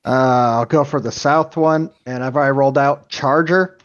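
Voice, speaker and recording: A man's voice: medium pitch, steady tone, moderate pace. A man playing in a tabletop game, asking about the rules and declaring his moves. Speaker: player. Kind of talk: casual tabletop game chat. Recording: dull lo-fi audio.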